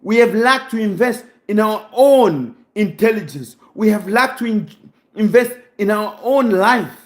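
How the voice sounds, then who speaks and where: A man's voice: high-pitched, expressive, measured pace. A Congolese man giving an impassioned, preaching monologue, full of rhetorical questions and close to tears with emotion. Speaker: channel host.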